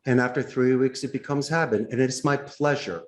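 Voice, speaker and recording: A man, a call center boss, explaining sales phone tactics with enthusiasm and acting out calls in bright voices. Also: medium pitch, steady tone, moderate pace, a little hiss or hum. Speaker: call center CEO, interview guest. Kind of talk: animated sales coaching talk. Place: in Costa Rica.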